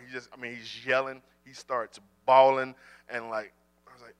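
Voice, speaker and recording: A man in full-time ministry telling a personal faith story in a casual, animated way, often repeating words. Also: mid-range voice, fairly quick, clear, resonant tone.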